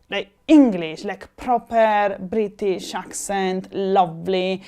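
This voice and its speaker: A woman's voice: medium pitch, steady tone, slow pace, hardly any pauses, a little mellow. A young woman with an Italian accent, chatting casually and animatedly with frequent fillers, restarts and laughs. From Italy. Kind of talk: casual chat.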